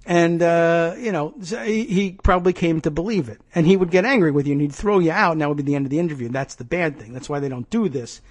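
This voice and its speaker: A man's voice: fairly high pitch, quick pace, few pauses. A man hosting a political commentary podcast, talking in a sarcastic, ranting way. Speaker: podcast host.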